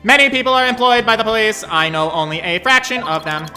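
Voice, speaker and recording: A streamer voicing a stiff robotic male bomb expert in a video game, speaking in clipped, flat, telegraphic phrases over game music. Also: medium pitch, quick pace, voice pushed up.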